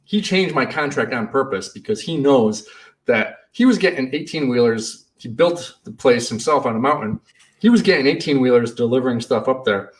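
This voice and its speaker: Animated storytelling man, slightly distant mic. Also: medium pitch. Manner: animated, acts out shouting in his stories. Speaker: party rental business owner and YouTuber. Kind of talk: casual storytelling.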